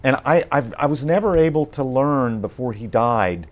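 A man being interviewed on a podcast, talking in a thoughtful, measured way with frequent pauses and restarts. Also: medium pitch, animated.

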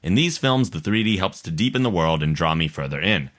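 Deep, bright-voiced male podcast host. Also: expressive, a little fast. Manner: laughs often, stumbles over words while reading aloud. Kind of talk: casual podcast chat and reading a listener email.

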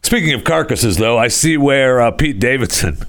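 A man's voice: medium pitch, expressive, normal speed, fairly bright tone. A man hosting a casual talk show, rambling through odd news stories with sarcastic asides and frequent chuckles. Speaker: podcast host.

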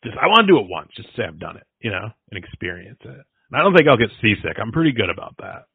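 A man's voice: on the low side, very animated, fast, vocal fry, slightly rough, no echo. Casual male podcast host, rambling storyteller who laughs a lot, dry phone-like audio. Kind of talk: casual chat. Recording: dry tinny phone-like sound.

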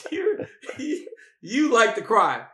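High-pitched guy joking around with his cohost, lots of laughs, roomy echo on his end. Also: wildly swooping pitch, slow, bright, forceful tone. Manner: playful, teasing, repeats himself, laughs often. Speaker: co-host of a fight talk show. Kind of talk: casual chat over a video call. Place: hotel. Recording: echoey room.

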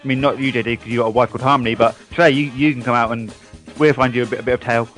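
A man's voice: medium pitch, fairly even intonation, racing, fairly bright tone. A young man from southern England with an English accent, co-hosting a casual internet radio chat, cheeky and prone to stammering restarts. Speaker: co-host. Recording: internet radio with faint music.

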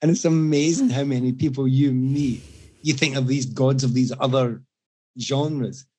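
A Scottish man in casual chat, telling animated, self-mocking anecdotes to the room. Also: medium pitch, moderate pace, breathy edge. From Scotland.

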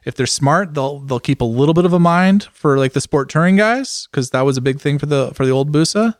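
A man's voice: on the high side, animated, fairly quick, dry recording, studio quality. A man co-hosting a casual talk show, rambling and often repeating words as he starts his sentences. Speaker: podcast co-host. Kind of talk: casual motorcycle chat.

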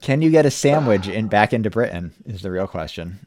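A man with a low voice hosts a casual podcast, laid-back and wry. He laughs easily and swears casually. The sound is dry and close, with no room echo. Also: animated, fairly quick, darkish tone. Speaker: podcast host.

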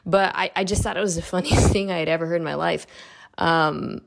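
A woman reminiscing on a radio show in a self-deprecating, chatty way. Her voice sits a little low with noticeable vocal fry. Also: fairly even intonation, a little fast. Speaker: sports radio regular. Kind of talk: casual heartfelt tribute.

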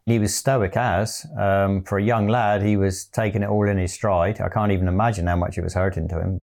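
A man with a very deep voice gives his side of a story in a plain, measured telling. He keeps his pitch flat and even, and he leans on fillers as he goes. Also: gravelly. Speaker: guest co-storyteller. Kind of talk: personal storytelling.

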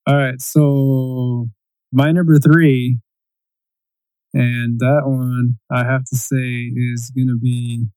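A man in casual chat, ranting in an animated, profane way and mimicking quotes in a raised voice. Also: mid-range voice, takes it slowly, no room sound, low-quality recording.

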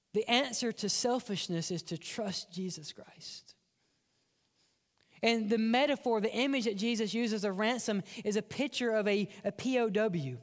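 Man, pastor, church sermon, high voice, long hall echo, whispered emphasis. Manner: dramatic preaching, dropping to whispers for emphasis. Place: church sanctuary.

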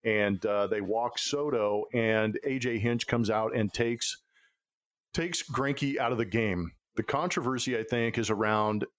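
A man's voice: on the low side, unhurried. A man hosting a sports podcast, telling stories in a chatty, casual way with frequent filler words. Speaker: podcast host. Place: Houston.

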